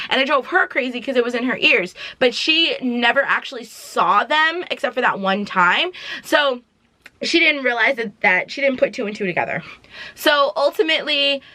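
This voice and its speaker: A young woman vlogger giving a casual movie review, retelling the plot in an animated, dramatic way with slangy asides. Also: on the high side, no echo.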